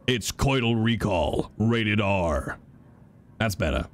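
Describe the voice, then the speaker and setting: A man doing a gruff action-movie strongman. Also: fairly low pitch, lively intonation, slow pace, pitched below the performer's own voice. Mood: boastful. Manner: clipped heavy impression accent, boastful.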